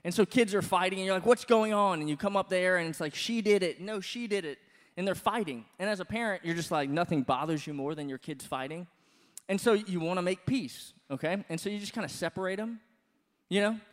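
A man in his thirties preaching a sermon as pastor, conversational and animated, with many fillers and restarts. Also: sits high, quick pace. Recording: long hall reverb.

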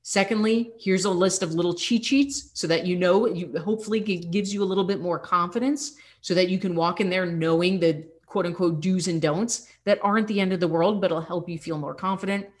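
A woman's voice: lowish voice, fairly even intonation, a little fast, few pauses. A young adult woman fitness coach hosting a podcast, talking candidly and encouragingly, with laughs slipping in. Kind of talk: casual motivational podcast talk.

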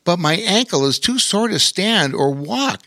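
A man's voice: high-pitched, animated, a little slow, pushed and bright, dry recording, studio quality, pitched above the performer's own voice, exaggerated voice. A man voicing a kind, young-at-heart older woman in a children's story, grateful and chatty.

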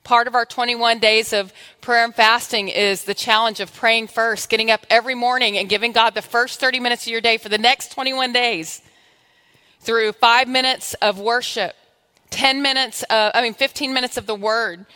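A woman's voice: on the high side, steady tone, moderate pace, bright, forceful tone, smooth. A woman preaching a sermon in a church, telling stories animatedly and acting out her own dialogue with God. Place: church sanctuary. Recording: long hall reverb.

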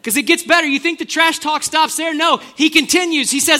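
Animated male pastor, high and bright, playful storytelling sermon. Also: fairly quick, few pauses.

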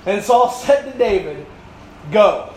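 A male pastor delivers a sermon in a fairly high voice, pressing his points through repetition and rhetorical questions. His voice rings through a roomy, echoey space. Faint room ambience sits underneath. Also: lively intonation, moderate pace, slight background noise.

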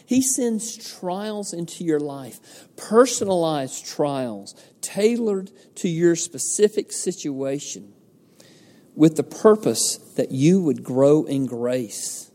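Male pastor, unhurried, mellow tone, earnest sermon delivery, long hall reverb. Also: fairly high pitch, animated. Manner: earnest preaching, poses rhetorical questions and answers them.

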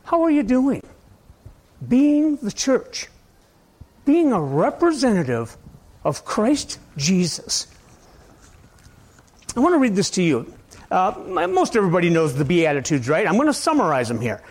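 A man preaching a sermon in a conversational, rambling way, asking his listeners question after question and swinging between loud and soft. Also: sits high, wildly swooping pitch, measured pace, pauses often. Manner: conversational, asks the audience many questions. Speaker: pastor.

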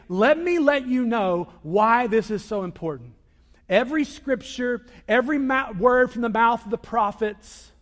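High-voiced pastor preaching in a reverberant hall. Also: male voice. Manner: dynamic, swings from loud emphasis to quiet asides. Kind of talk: sermon. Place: church sanctuary. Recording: long reverb of a large hall.

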